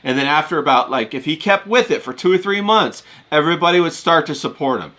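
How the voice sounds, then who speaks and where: A man's voice: on the high side, animated, fast, sharp tone. A man hosting a casual stream, making emphatic points and repeating them. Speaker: stream host.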